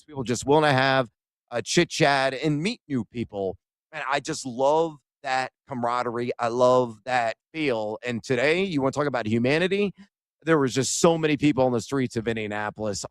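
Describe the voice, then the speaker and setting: Male radio co-host, animated storyteller, dry close mic, mid-range voice. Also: medium pitch, clear, resonant tone, no echo. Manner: animated storyteller, acts out quoted exchanges. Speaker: sports radio co-host reporting from an event. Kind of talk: excited sports radio storytelling.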